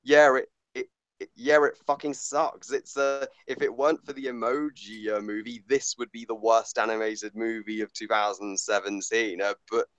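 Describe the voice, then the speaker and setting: A man talks through a movie review in loose, halting sentences, stumbling over fillers and restarts while swearing bluntly. His voice is smooth and resonant, and the recording is close and dry with no room around it. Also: on the low side, flat delivery, fairly bright tone, dry recording, poor audio. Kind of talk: casual movie review chat.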